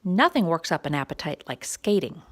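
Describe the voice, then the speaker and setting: A woman reading a quiet story time picture book aloud for young children, gentle and expressive. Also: low voice, fairly quick.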